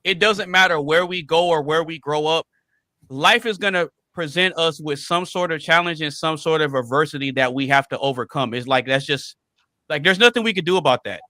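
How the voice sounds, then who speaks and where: A man's voice: fairly high pitch, fairly quick, pushed and bright, no echo. A man on a podcast panel talking casually and emphatically, repeating phrases to drive a point home.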